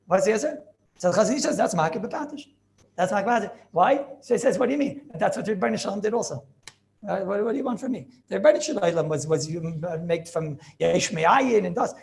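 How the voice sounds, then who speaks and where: A man giving an informal Torah class as a rabbi, animated and repetitive, mixing in Yiddish and Hebrew terms. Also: high-pitched, gravelly. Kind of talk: informal Talmudic lecture.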